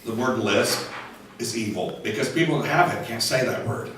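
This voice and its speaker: A hoarse man with a cold doing chatty, self-mocking stand-up comedy on a conference stage. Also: mid-range voice, moderate pace, a bit bright, slight background noise. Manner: chatty, self-mocking, slips into funny voices. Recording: echoey hall from far off.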